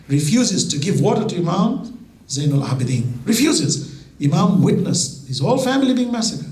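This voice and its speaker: A man giving an impassioned sermon as a religious lecturer, reciting Arabic verses between English and dropping to soft, drawn-out emphasis. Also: fairly high pitch, creaky. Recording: echoey hall.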